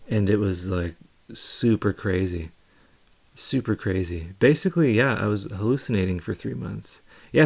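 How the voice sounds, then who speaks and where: A young man chats casually on a live stream, his voice sitting low and rough with vocal fry. He wanders through his story loosely, with plenty of fillers and restarts.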